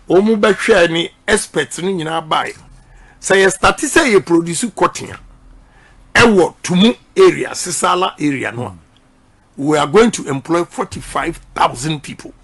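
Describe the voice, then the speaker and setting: A man's voice: high voice, a bit bright. A middle-aged Ghanaian man giving an emphatic campaign speech that drifts between English and Twi and repeats his key points. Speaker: politician.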